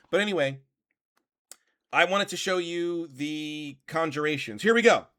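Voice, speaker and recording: A man's voice: fairly high pitch, lively intonation, unhurried, fairly bright tone, clear, resonant tone. A man hosting a reaction commentary, reading passages aloud and arguing back in an exasperated tone, swearing now and then. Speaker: commentary channel host.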